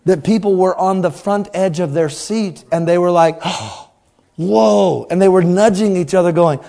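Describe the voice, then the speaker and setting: A man preaching a sermon to a congregation, playful and teasing, swinging from loud outbursts to quiet asides. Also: high-pitched, fairly even intonation, normal speed.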